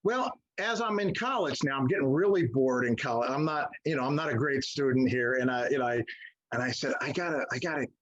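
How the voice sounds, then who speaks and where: An older man telling stories in an interview, animated and acting out the voices of people he quotes. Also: medium pitch, brisk. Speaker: guest musician. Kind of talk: storytelling interview. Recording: muffled lo-fi audio.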